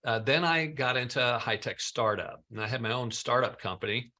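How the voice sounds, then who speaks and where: A man's voice: medium pitch, a little fast, bright, forceful tone. A middle-aged man, a guest on a podcast, telling his career story in a chatty, self-deprecating way. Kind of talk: casual interview chat.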